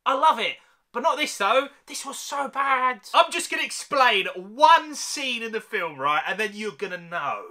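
A British man reviewing a movie on his vlog in a casual, slangy rant. His voice sits very high for a man and sounds sharp and bright. He keeps laughing at the film's flaws. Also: normal speed. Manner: animated, slangy, laughing at the film.

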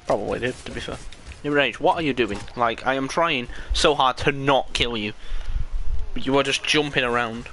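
A man's voice: medium pitch, normal speed, bright, forceful tone. A young British man chatting casually and joking while streaming a game, laughing often and wandering off on asides. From Britain. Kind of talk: casual live gameplay chat.

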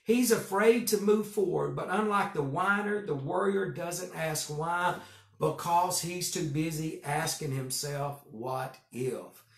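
A middle-aged man, a pastor, preaching a men's devotion with emphatic repeated phrases, going quiet for personal stories. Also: a little high, unhurried, vocal fry. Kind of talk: men's group devotion sermon. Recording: echoey room.

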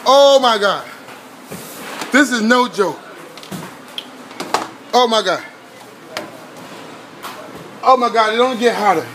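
A man's voice: very high voice, pushed and bright, a little hiss or hum. A young man, vlogging casually while teary, sweating and gasping as his mouth burns. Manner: gasping and groaning, mouth burning. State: teary, sweating, short of breath. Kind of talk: casual vlog.

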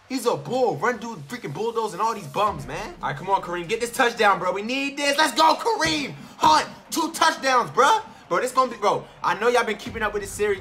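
A young man giving excited, slangy commentary over his own football video game, shouting and chanting at big plays and muttering low in between. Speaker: gaming YouTuber. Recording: game music behind the voice.

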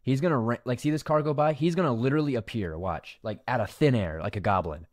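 A man's voice: mid-range voice, fast, no echo, studio quality. A man hosting a commentary video, reacting to a clip with profane disbelief and frequent laughter. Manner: incredulous, profane, laughs often. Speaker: commentary channel host. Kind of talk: reacting to and narrating an online clip.

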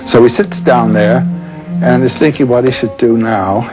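A man telling a folk tale in casual oral style, relaxed and digressive with hesitant fillers. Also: mid-range voice, moderate pace, music in the background, rough recording. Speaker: storyteller, interview guest.

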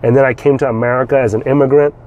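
A man's voice: medium pitch, fairly even intonation, rapid-fire, darkish tone. A middle-aged man from Vietnam, hosting a finance show, telling a personal story outdoors in a casual, earnest way with salty language and repeated words. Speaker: host.

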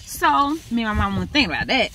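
A woman's voice: medium pitch, big pitch swings, a little fast, background noise. A young pregnant woman chatting casually to her vlog viewers, saying "y'all" and running through her busy day. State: out of breath. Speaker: vlogger.

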